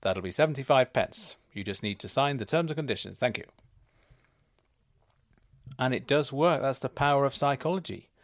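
A man, hosting a podcast and delivering a deadpan comic monologue about absurd schemes. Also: medium pitch, normal speed, pauses often, no room sound. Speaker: podcast host.

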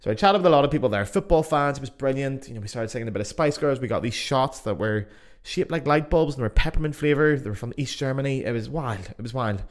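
A man's voice: medium pitch, fast talker. An Irish man hosting his own podcast in casual, chatty talk, jokey and sprinkled with swearing. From Ireland. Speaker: podcast host. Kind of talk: casual solo podcast chat. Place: home in Germany.

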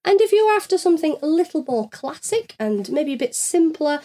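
A woman's voice: high voice, very animated, a little fast, dark tone. Chatty woman hosting a podcast. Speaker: podcast host. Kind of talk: casual podcast chat.

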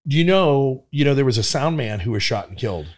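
A man's voice: medium pitch, fast. A middle-aged man from Nebraska, a former police officer, telling vivid stories as a guest on a podcast and swearing casually. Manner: animated, vivid storyteller who swears casually. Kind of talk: casual storytelling in a podcast interview.

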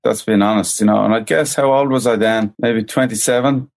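Lowish-voiced middle-aged Irish-born musician. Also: male voice, a little fast, creaky. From Ireland. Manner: relaxed rambling anecdotes, lots of "you know". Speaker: musician guest. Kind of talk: storytelling in an interview.

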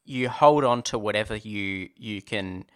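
A man's voice: lowish voice, clear, resonant tone. A man, co-host and science magazine editor, chatting casually and riffing jokes. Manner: joking, quick to riff. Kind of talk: casual podcast banter.

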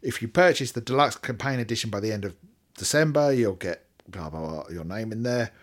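A man's voice: lowish voice, expressive, fairly quick. A British man in his fifties hosting a podcast, rambling and self-mocking, breaking into asides while reading aloud. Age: 50s. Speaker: podcast host. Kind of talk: casual chat.

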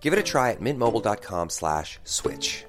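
Male ad spokesman, dry jokey delivery, pitch swings hugely, music underneath. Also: big pitch swings, normal speed. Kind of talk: scripted comedic ad read. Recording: with background music.

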